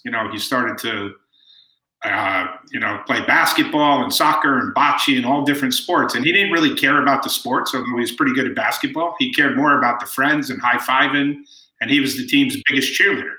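A middle-aged man, appearing as an interview guest, warmly shares family anecdotes and quotes people along the way. His voice is mid-range and his pace moderate. The recording is reverberant and poor.

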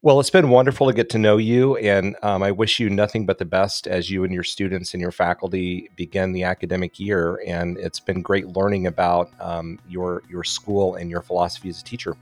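A man's voice: deep voice, level tone, fairly quick, few pauses, no room sound. A man hosting a podcast interview, asking long questions with many restarts. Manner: hesitant, many restarts and fillers. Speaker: podcast host.

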